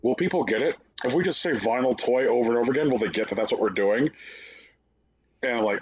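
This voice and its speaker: Male podcast co-host, husky, sarcastic ranter, dull lo-fi audio. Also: mid-range voice, fast talker. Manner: sarcastic, mocking, animated impressions. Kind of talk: casual profane chat.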